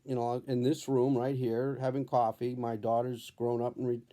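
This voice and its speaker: A man's voice: medium pitch, normal speed. Candid, profane male comedian. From New Hampshire. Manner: candid, profane, animated storyteller. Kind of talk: storytelling vlog. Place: his home, indoors.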